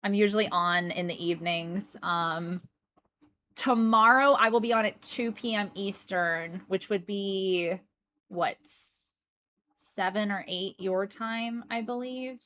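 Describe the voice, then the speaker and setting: A woman's voice: medium pitch, takes it slowly, pushed and bright. Chatty woman livestreamer. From United States. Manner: chatty and rambling, with frequent fillers and restarts. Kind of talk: casual chat while reading chat.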